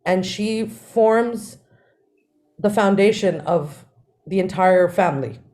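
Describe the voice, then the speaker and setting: Woman, podcast co-host, casual storytelling, animated, laughs a lot, mid pitch. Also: slow.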